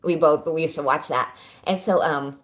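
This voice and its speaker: A woman's voice: deep voice, normal speed. A middle-aged woman from California hosting a casual home livestream, bubbly and chatty, greeting viewers by name and laughing often. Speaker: livestream host. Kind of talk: casual live chat.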